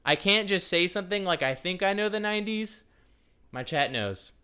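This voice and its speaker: A man hosting a live stream in a bright, forceful voice, bantering loosely with his chat. He jumps from thought to thought with playful jokes. His delivery is smooth and crisp. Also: sits high, expressive, moderate pace. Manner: scattered, jokey, talks straight to the chat. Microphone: desk microphone.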